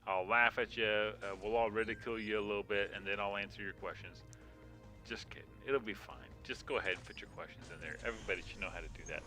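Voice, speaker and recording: Bright-voiced rambling male game streamer. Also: on the low side, steady tone, fast talker, soft background music. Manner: rambling, frequent yawning and filler words. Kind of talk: casual live-stream chat. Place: home room.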